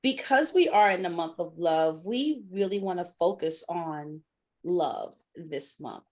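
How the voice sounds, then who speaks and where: A woman's voice: on the low side, expressive, a little slow, a little mellow. Bubbly woman podcast host. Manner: bubbly and laughing, with many fillers. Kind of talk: casual chat.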